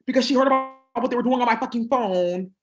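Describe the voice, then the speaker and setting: A woman's voice: a little high, fast talker, soft background music. A woman vlogger rambling through a casual monologue, exclaiming often, laughing and swearing freely.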